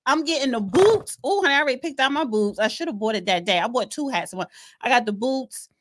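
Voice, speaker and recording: A woman co-hosting a casual podcast chat, sassy and animated, calling people honey. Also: a little high, fast talker. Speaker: podcast co-host.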